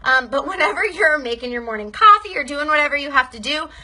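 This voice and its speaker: A woman's voice: high voice, animated, fast talker, bright, forceful tone. A young woman giving a casual training talk to her sales team, upbeat and chatty, often checking in with "okay?".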